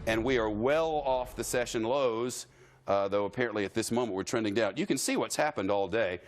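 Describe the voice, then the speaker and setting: A man's voice: lowish voice, fairly quick. A man anchoring live cable news, talking in a wry, conversational way with jokey asides. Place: television studio.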